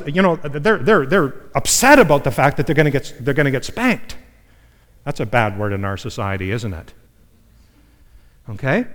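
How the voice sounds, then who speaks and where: A man's voice: medium pitch, expressive, moderate pace, a bit bright. A man preaching a sermon as a pastor, in a conversational style, often turning to the listeners with "my friends" and "okay?". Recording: long hall reverb.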